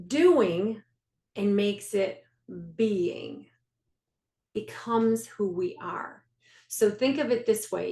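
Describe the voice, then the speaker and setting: A woman's voice: medium pitch, a little mellow. A woman leading a faith-based health coaching group on a video call, earnest, repeating key phrases and laughing at herself. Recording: echoey room.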